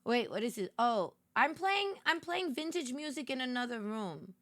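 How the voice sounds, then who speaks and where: Hosting a casual late-night livestream, a woman with a fairly high, fairly bright voice speaks at normal speed and is very animated. She giggles and chats, greeting viewers, reading and answering the chat, and getting playfully sassy. The sound is studio quality with no echo.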